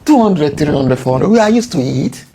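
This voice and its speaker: A woman's voice: sits low, sing-song, a little fast, warm tone, husky. A woman with a Nigerian accent mixing in Pidgin, giving impassioned political commentary full of indignant rhetorical questions and repeated key words.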